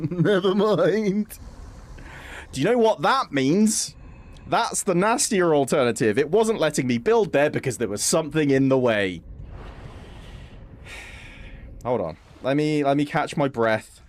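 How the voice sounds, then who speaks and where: Guy streaming a game solo, talks slow but swings up and down a lot, swears and laughs. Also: mid-range voice. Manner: chatty, swears and laughs while playing. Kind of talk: live gameplay commentary.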